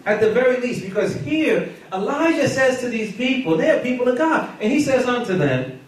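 A man preaching a sermon with animated call-and-response, often laughing as he tells the story. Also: extremely high pitch, normal speed. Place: church. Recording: echoey room from far off.

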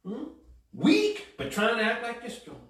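Brief: male preacher, fervent and colloquial, very high bright voice, lively delivery. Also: brisk. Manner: fervent, colloquial, repeats words in bursts. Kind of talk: sermon. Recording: echoey room, mic at a distance.

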